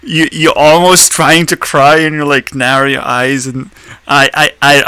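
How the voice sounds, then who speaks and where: Male reaction commentator: unhurried delivery, rambling and profane, laughs a lot. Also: on the high side, flat delivery, pushed and bright, clear, resonant tone. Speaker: video commentator.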